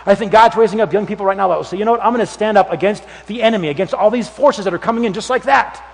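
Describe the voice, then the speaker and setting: A high-pitched male preacher gives a lively sermon, telling the story with plenty of acted-out voices and sudden bursts of volume. His voice rings through a large hall with a long, lingering reverb. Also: racing, vocal fry. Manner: animated storytelling, acts out voices with shouts and whispers. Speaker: youth pastor.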